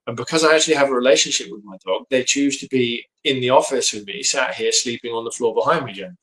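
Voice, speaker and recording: A man, a dog trainer, explaining his methods in an earnest, steady way from his home office. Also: medium pitch, quick pace, poor audio. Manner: earnest, explanatory, lots of agreeing 'yep'. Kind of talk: casual conversation.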